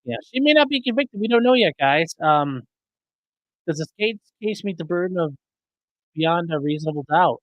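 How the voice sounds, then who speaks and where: A man's voice: a little high, lively intonation, moderate pace, no room sound, highs cut off. A man hosting a live stream, casually chatting and answering viewers' comments. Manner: chatty, rambling, fixing mic settings mid-stream. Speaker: livestream host reading chat. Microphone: streaming desk mic.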